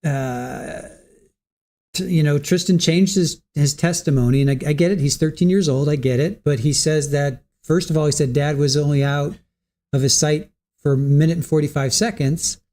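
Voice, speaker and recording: A man's voice: a little high, moderate pace, darkish tone. Hesitant man thinking aloud on a livestream. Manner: reads viewer comments and answers them. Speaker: livestream host. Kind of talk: casual commentary reading chat.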